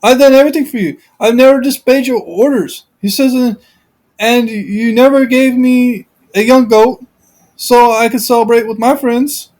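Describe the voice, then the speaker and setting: A man's voice: very high-pitched, steady tone, moderate pace, darkish tone, voice pushed up, poor audio. A man voicing a resentful older son complaining to his father in an indignant tone.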